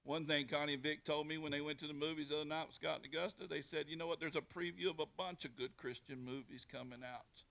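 A male pastor preaching a sermon in a folksy, animated way, often restarting his phrases. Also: on the high side, quick pace, gravelly, hardly any pauses.

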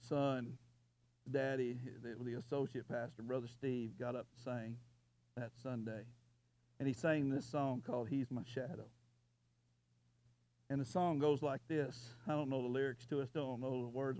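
A man preaching a sermon, moving from quiet storytelling to loud, impassioned preaching. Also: medium pitch. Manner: builds from quiet storytelling to shouting. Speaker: pastor.

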